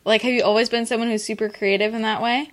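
A woman's voice: fairly high pitch, steady tone, fast. A woman hosting an interview, asking curious, encouraging questions with some hesitant phrasing. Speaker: interviewer host.

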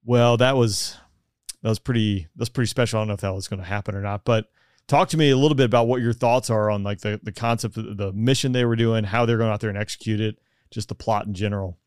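A man's voice: lowish voice, steady tone, fast talker, smooth, no room sound, studio quality. A man hosting a podcast in a chatty, easygoing way, often laughing along. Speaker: podcast host. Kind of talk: casual podcast conversation.

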